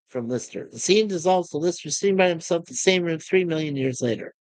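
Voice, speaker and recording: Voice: medium pitch, lively intonation, fast talker, few pauses, no echo, poor audio. A fan casually retelling the plot of a comedy series, quoting the characters' lines with small shifts of voice.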